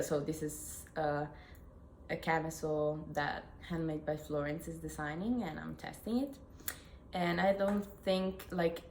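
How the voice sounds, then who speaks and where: Young Italian-accented woman hosting a knitting vlog, unhurried, lowish voice, echoey room with faint hiss. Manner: chatty, self-correcting, giggly asides. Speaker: knitting podcast host. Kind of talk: casual chat to camera.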